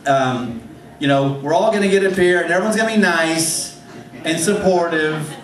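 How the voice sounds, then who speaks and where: A man with a high voice tells a rambling, self-deprecating story as host of an open mic night. He is heard from a distance in an echoey club room, with a faint hum underneath. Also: moderate pace. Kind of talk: stand-up storytelling. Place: comedy club stage.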